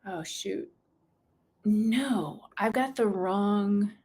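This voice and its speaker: A woman's voice: mid-range voice, extremely slow, darkish tone, a little hiss or hum. Middle-aged american woman chatting as a guest, laughs a lot, cuts herself off and restarts. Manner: chatty, laughing, self-interrupting. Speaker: guest author. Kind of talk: casual conversation.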